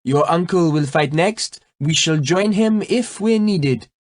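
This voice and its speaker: A man's voice: fairly high pitch, lively intonation, measured pace, no room sound, pitched above the performer's own voice. A man voicing a proud medieval French king in an audiobook, commanding and bellowing in rage. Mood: calm, paternal. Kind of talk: audiobook reading.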